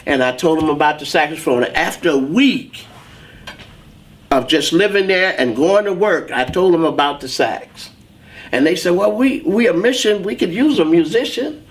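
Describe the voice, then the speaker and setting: A man's voice: fairly high pitch, expressive, normal speed. A man telling his life story as an interview guest, acting out the voices of the people in it. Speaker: guest, saxophonist.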